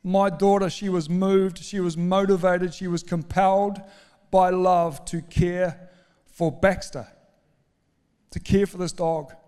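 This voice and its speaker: Rich: A high-voiced man delivers a sermon in a smooth, resonant tone. He tells his story in an animated, self-mocking way and piles up emphatic lists. His voice rings out through a church hall with a long reverb tail. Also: slow. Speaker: pastor.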